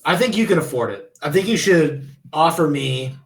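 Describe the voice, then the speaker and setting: A man's voice: on the high side, animated, normal speed, echoey room, low-quality recording. A man who is a guest in a casual chat, laid-back and joking, swearing freely. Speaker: podcast guest.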